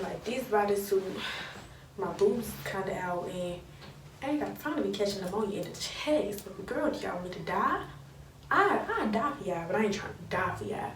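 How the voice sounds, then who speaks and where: A woman's voice: medium pitch, expressive, moderate pace. A young woman vlogging casually, chatty and slangy, talking straight to her viewers while she walks around outdoors and drives, filming on a phone at arm's length. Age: young adult. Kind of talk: casual vlog to camera. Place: outdoors on city streets and in a car. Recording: noisy street recording with traffic.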